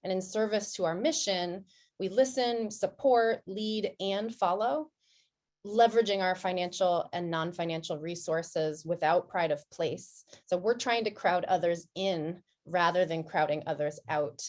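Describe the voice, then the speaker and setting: A woman hosting a webinar discussion, speaking in a friendly, measured way and slowing down so the audience can keep up. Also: lowish voice, steady tone, darkish tone. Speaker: webinar host.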